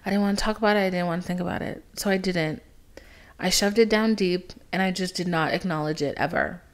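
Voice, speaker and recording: A woman's voice: on the low side, a little fast. Dramatic, candid young woman podcaster. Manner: dramatic, candid, swears freely, drops to whispers for emphasis. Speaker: podcast host. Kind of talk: casual storytelling monologue.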